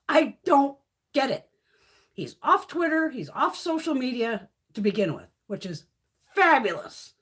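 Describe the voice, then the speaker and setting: A woman hosting a casual live stream, ranting bluntly and profanely, reacting to chat comments as she goes. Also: sits high. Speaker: beauty livestream host.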